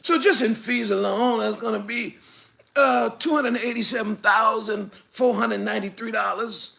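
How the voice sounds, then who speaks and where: A male government clerk, as put on by a preacher, droning through checklists and fees in a dry, bureaucratic way. His voice sits high and gravelly, with a bright edge. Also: steady tone, moderate pace, slight background noise, exaggerated voice. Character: male permit official reciting endless fees.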